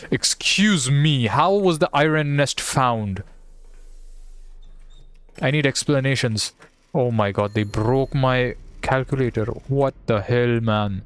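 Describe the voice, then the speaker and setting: A man streaming a game, chatting casually and playfully while thinking aloud and reading bits to himself. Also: mid-range voice. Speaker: gaming streamer. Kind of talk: casual gameplay commentary.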